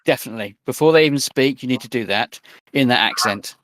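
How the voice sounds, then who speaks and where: A man's voice: mid-range voice, fast talker, fairly bright tone, no room sound. A man playing a tabletop game, chatting eagerly and stammering over his words. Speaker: player. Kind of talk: casual tabletop role-play chat.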